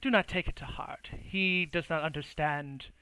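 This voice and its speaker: A man voicing a calm, formal female envoy. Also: a little high, moderate pace, gravelly, smooth, rough recording.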